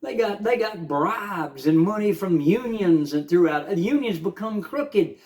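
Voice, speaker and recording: A man's voice: high voice, lively intonation, measured pace, a little mellow. An older man, rambling fervently in a casual morning monologue, with many filler uhs. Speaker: vlogger.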